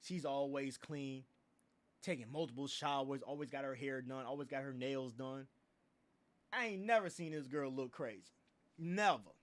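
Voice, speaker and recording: A man's voice: mid-range voice, normal speed. A young man hosting a livestream, ranting in a casual, profane way with laughs and repeated filler phrases. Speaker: livestream host.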